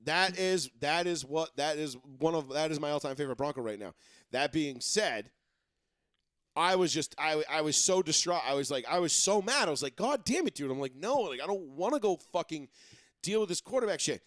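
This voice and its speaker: A man hosting a sports talk show, talking casually and excitably, rambling and swearing often. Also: fairly high pitch, a little fast, no echo, clean studio sound. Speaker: sports radio host.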